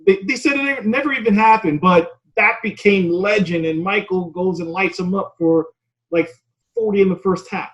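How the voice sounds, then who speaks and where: A male interviewer with a high voice chats casually and tells a sports story with enthusiasm. He sounds like a host keeping an easy conversation going. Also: moderate pace, fairly bright tone, highs cut off.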